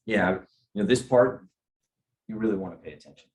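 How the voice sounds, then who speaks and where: A middle-aged man runs a sales training session for a group, his voice fairly low, a bit darkish, and a little fast. He keeps it casual and conversational, frequently checking in with listeners and tossing questions to them.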